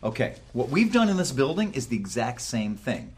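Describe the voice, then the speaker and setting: A man hosting a casual podcast from a workshop studio, telling stories in a profane, animated way. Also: medium pitch, moderate pace, a little hiss or hum. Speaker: podcast host.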